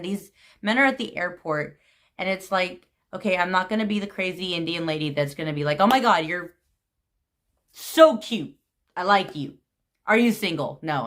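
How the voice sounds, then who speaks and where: Giggly bright-voiced young woman vlogger. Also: on the low side. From United States. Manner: giggly, animated, gushing. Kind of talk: casual storytelling to camera.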